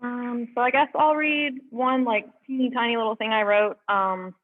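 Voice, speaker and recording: A young woman at an open mic, reading poems aloud with earnest, halting asides between them. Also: a little high, fairly even intonation. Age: young adult. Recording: tinny phone-like sound.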